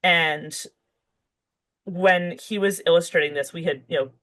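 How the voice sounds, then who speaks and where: A woman's voice: on the low side, unhurried, a bit bright, poor audio. Woman author thinking aloud. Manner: thinks aloud with fillers and restarts. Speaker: guest author. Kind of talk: conversational interview.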